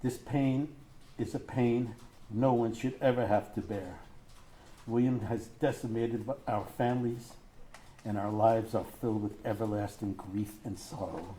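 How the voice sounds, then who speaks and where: A middle-aged man, a grieving father, reading a prepared statement in court; his voice is tearful and halting, breaking as he chokes up. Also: fairly low pitch, steady tone, warm tone, a little hiss or hum. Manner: grief-stricken, halting, voice breaking.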